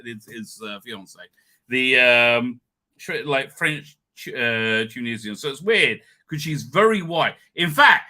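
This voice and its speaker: A man's voice: medium pitch, pushed and bright. A man, rambling tiredly through a casual livestream, full of asides and restarts. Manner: chatty and digressive, with frequent restarts and "right?" asides. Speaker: livestream host.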